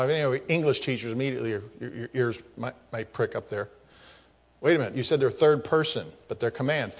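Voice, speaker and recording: A man preaching a teaching sermon on prayer, explaining grammar with asides and repeating phrases for emphasis. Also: fairly high pitch. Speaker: pastor.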